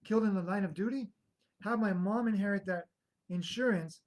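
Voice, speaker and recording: A man's voice: high voice, brisk, poor audio. A man in an earnest, rambling personal testimony, often restarting his sentences as he recounts his past. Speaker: speaker sharing a personal story.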